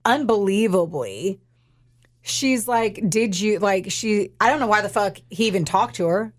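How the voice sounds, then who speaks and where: A woman's voice: medium pitch, animated, a little slow, a little hiss or hum. A young woman co-hosting a podcast, retelling a true-crime case in casual, profane, emphatic chat. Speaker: podcast co-host.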